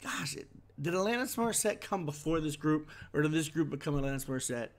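A man's voice: on the high side, expressive, fast. A man chatting casually as he reacts to a concert video, wondering aloud and easily impressed.

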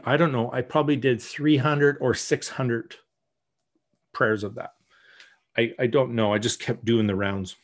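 A man teaching in a church, telling a personal story in a candid sermon style, with some lines dropped to soft murmured prayer. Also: medium pitch. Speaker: guest teacher.

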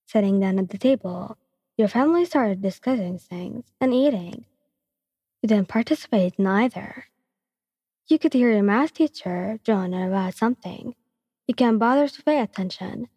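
Breathy young woman narrating a story. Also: medium pitch, a little mellow. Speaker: fanfiction reader. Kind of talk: second-person ASMR story narration. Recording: long reverb.

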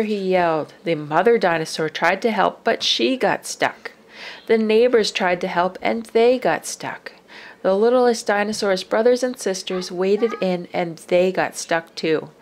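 Storybook reader, woman, low-pitched and expressive, faint hiss behind. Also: unhurried. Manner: expressive, drops to whispers for suspense. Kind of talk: children's book read-aloud.

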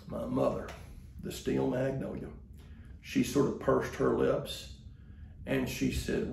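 A pastor delivers a sermon in a folksy, conversational way. His voice is deeply gravelly and fry-laden, and it rings around an echoey sanctuary over faint ambience. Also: lively intonation, takes it slowly, warm tone, a little hiss or hum. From Mississippi, US.

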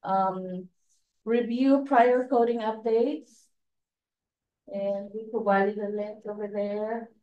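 A woman with a non-native accent presenting at a training session, halting, with many fillers and restarts. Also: medium pitch, fairly even intonation, far from the mic, narrow, tinny audio. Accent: non-native English accent. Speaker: state education staff trainer. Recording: echoey room, voice from afar.

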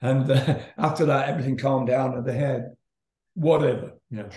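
A man's voice: mid-range voice, fairly even intonation, moderate pace, warm tone. An older man, a rock singer, telling a rambling story in a casual interview, laughing and swearing as he goes. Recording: roomy echo.

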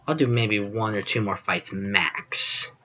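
A man's voice: lowish voice, steady tone, slow, pushed and bright, highs cut off, soft background music. A man giving casual gameplay commentary as host of his channel, rambling and self-deprecating, often trailing off with fillers.

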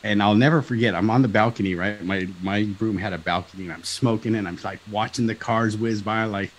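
A man in his fifties from Southern California, a talk show guest telling a personal story in an animated way, acting out dialogue and often asking "right?". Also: on the low side, brisk, rough recording. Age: 50s.

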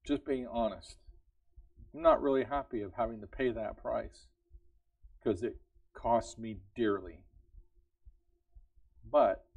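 A man's voice: on the low side, no room sound, narrow, tinny audio. Male preacher, conversational sermon, questions to the congregation, dry, slightly distant sound. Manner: earnest, conversational, asks the congregation repeated questions; laughs lightly between points. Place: church service.

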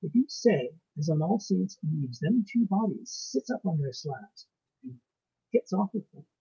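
A man's voice: high voice, very animated, unhurried, gravelly, mellow, breathy edge, muffled recording, voice pushed up, exaggerated voice. A man voicing a placid, stubborn old peasant housekeeper woman with rustic grammar, reading a ghost story aloud. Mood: ominous.

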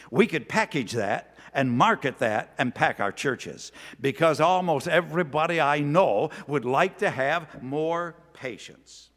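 A man preaching a sermon, telling a story in an animated, earnest way. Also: on the high side. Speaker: pastor. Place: church sanctuary. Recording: long church reverb.

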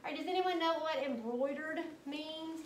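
A woman's voice: high voice, moderate pace, slight background noise. A woman teacher reading a book aloud to her class, prompting the students with questions. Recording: echoey room, mic from a distance.

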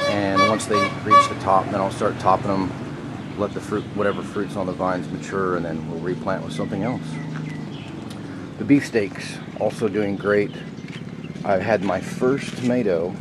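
Low-voiced male home gardener, casual rambling vlog, curses offhand, outdoors with noise behind. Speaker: home gardener showing his plants. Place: outdoors by a garden in front of a house.

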